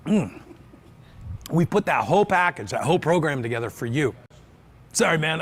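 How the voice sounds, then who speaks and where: A man's voice: a little high, very animated, moderate pace, pauses often, slight background noise. A man gives a motivational business talk in a slightly raised voice, leaning hard on each point. He repeats phrases in threes for emphasis, and he is from the United States. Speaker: business speaker.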